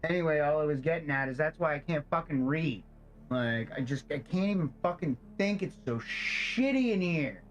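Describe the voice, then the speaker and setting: A male streamer chats over his game in a loose, profane style, ranting with plenty of exasperated swearing. He sounds overheated and fed up from sitting in a stuffy apartment. His voice is slightly high, with faint game music playing behind him. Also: animated, normal speed, a bit bright, poor audio. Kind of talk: casual gameplay commentary and dialogue reading. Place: hot apartment.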